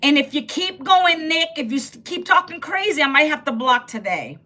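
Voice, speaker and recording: A woman in her fifties chats on a live stream in a high, bright, sharp voice. She talks straight to her viewers and reacts to their comments, often laughing as she goes. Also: expressive, normal speed. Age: 50s. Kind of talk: casual live-stream chat.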